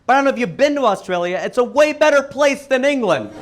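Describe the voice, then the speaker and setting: A man's voice: very high-pitched, expressive, fast, noisy background. A man performing a stand-up comedy set on stage into a handheld mic, telling stories with punchy asides to the crowd. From United States.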